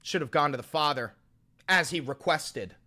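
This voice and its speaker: A man with a slightly high voice hosts a live stream at normal speed, arguing with callers in a heated, profane way and swinging from calm questioning to loud outbursts.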